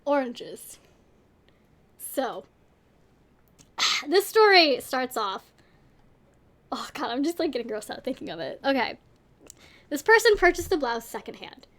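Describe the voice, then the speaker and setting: A woman's voice: high-pitched, big pitch swings, unhurried, long pauses, a bit bright. A woman co-hosting a casual storytelling panel, rambling and self-deprecating as she tells stories. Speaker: panel co-host.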